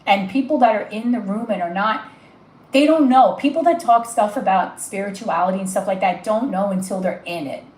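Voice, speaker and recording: A woman's voice: mid-range voice, fairly quick, darkish tone, roomy sound, low-quality recording. A woman giving a live tarot reading, gushing and emotional as she talks straight to the viewer. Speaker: tarot reader.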